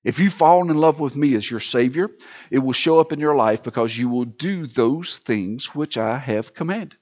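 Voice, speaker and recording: A man preaching a sermon as pastor, swinging between loud emphatic lines and quiet near-whispered ones. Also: medium pitch, normal speed, highs cut off.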